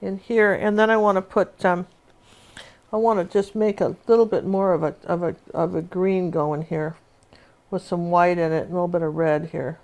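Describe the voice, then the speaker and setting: A woman's voice: fairly low pitch, steady tone, moderate pace, a little mellow. Chatty woman painting instructor, talks through her demo with rambling asides.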